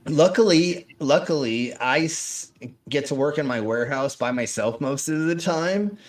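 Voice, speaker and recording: A man's voice: a little high, measured pace. Profane, rambling male stream host. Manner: profane, rambling, animated storytelling. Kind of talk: casual stream chat.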